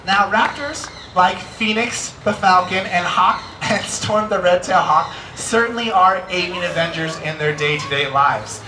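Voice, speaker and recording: On an outdoor amphitheater stage, an American man presents a live educational bird show, playfully teasing as he coaxes volunteers. His voice sits high and a little slow, with hardly any pauses, and the live recording is roomy with music and a noisy background.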